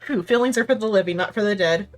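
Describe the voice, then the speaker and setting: A woman's voice: medium pitch, fast, soft background music. A woman narrating a tabletop game as game master, giggly and teasing.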